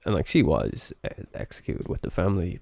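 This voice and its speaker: A man's voice: deep voice, sing-song, fairly quick, vocal fry, darkish tone, no room sound. A man hosting a podcast in casual chat, chatty with many fillers. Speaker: podcast host.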